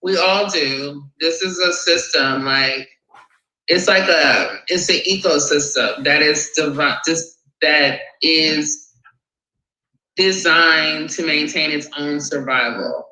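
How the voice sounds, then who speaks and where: A man hosting a talk show, ranting about politics in an animated, profane, sarcastic way. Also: fairly high pitch, slow pace, reverberant, low-quality recording. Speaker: host. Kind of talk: profane political rant and call-in chat.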